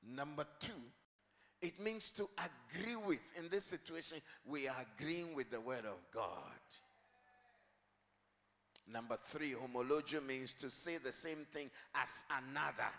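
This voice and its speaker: A man with a high, gravelly voice leads a church congregation in call-and-response, unhurried and emphatic. His preaching climbs into shouted declarations. The sound carries the long reverb of a large hall. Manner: leads the congregation in repeating lines. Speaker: pastor.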